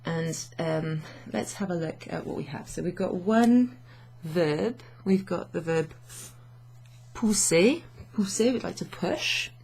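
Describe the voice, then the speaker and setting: A woman's voice: on the low side, slow, gravelly, darkish tone, breathy edge. A young woman teaching French in a casual, chatty way, mixing English with French and laughing often, recorded at her home desk. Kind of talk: casual language lesson. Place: home office with a standing desk.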